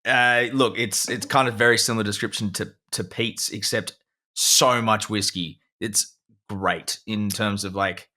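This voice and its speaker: A man's voice: on the low side, fairly even intonation, unhurried, pushed and bright. A man, co-hosting a podcast and chatting casually while reviewing a beer with enthusiasm. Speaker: podcast co-host. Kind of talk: casual chat.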